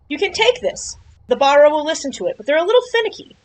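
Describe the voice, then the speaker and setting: A woman's voice: high-pitched, big pitch swings, fast talker, rough recording. A woman giving chatty, playful commentary while playing a video game, joking and exclaiming at surprises. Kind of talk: casual game playthrough commentary.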